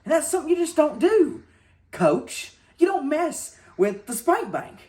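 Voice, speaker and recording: A man voicing a boastful, petty wrestler obsessed with his money. His voice sits high and swings widely as he repeats his complaints over and over. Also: sing-song, unhurried, darkish tone, full character voice. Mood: smug. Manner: indignant, boastful, repeats himself. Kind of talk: comedy sketch acting.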